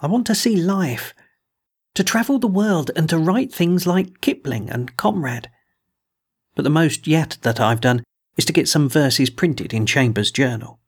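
A man's voice: a little high, lively intonation, a little slow, breathy edge. A man voicing a young male innkeeper who dreams of writing books, speaking in an earnest, eager way.

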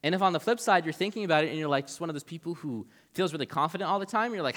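A man's voice: fairly high pitch, expressive, very fast, hardly any pauses, a bit bright. A young man giving a casual Bible talk as a preacher, chatty and conversational, with lots of "like" in his speech. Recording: long reverb of a large hall.

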